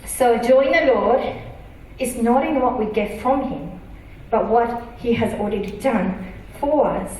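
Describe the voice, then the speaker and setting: A woman pastor preaching a sermon, earnest and emphatic, reading scripture slowly. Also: on the high side, darkish tone, slight background noise. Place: church auditorium. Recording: echoey church hall from a distance.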